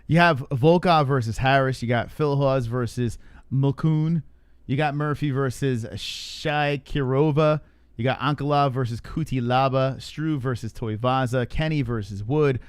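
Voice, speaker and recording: A man co-hosting a casual podcast, animated and cursing freely as he runs through fight picks. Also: mid-range voice, measured pace, clear, resonant tone, no room sound. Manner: animated, swears often, mocks critics. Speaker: co-host.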